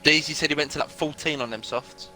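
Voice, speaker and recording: A man's voice: on the high side, fast, sharp tone, soft background music. A man co-commentating on a sim race in a casual, chatty way. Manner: casual, chatty, laughs easily.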